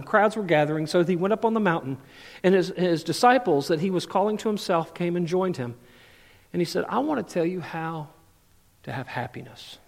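A man preaching a sermon to his congregation, swinging between lively asides and hushed, earnest passages. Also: high voice. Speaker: pastor. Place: church sanctuary. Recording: church hall reverb.

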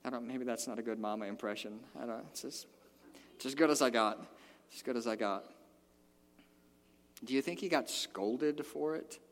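A man preaching a sermon in a church, animated and emphatic, rising to loud peaks and dropping to quiet asides. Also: medium pitch, normal speed, pauses often. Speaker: pastor. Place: church sanctuary. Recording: long hall reverb.

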